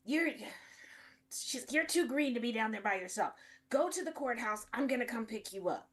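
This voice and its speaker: A woman's voice: fairly high pitch, lively intonation, normal speed, a bit bright. A woman voicing a stern, protective grandmother who talks in a firm, bossy way.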